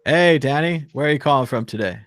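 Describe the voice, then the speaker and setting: A man's voice: mid-range voice, a little fast, dry recording, studio quality. A man hosting a live call-in show, chatting casually, joking and laughing between rambling remarks. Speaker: show host.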